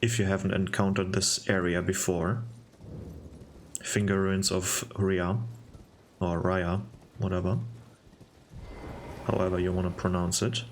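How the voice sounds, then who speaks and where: A young man talks over his gameplay in a low, deep voice. He takes his time, wandering through his thoughts in a relaxed, musing way. He pauses and restarts his sentences as he goes. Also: a little hiss or hum. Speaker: game video narrator. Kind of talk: casual gameplay commentary.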